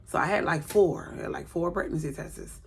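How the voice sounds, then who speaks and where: A vlogger in her late thirties tells a personal story on camera indoors at home by a light, repeating words for emphasis and acting out what people said. Her low voice runs a little fast, with a touch of hiss or hum.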